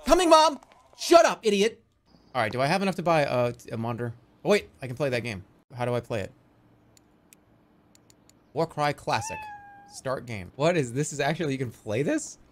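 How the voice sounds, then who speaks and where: A man live-streaming, rambling excitedly and swearing freely in casual chat. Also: mid-range voice, brisk, a little hiss or hum.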